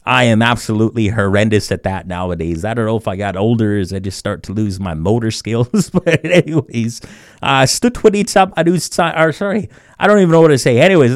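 A man hosting a community radio show, teaching words slowly and often chuckling at himself. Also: mid-range voice, no room sound, studio quality. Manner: chuckles often, slow deliberate word repetition. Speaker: radio host. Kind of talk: community radio language segment.

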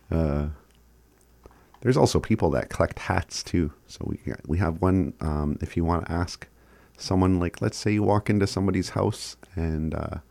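Slow, deep-voiced man teaching phrases. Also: vocal fry, darkish tone, no echo. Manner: chuckles often, sounds out words slowly. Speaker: language teacher. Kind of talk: casual recorded lesson.

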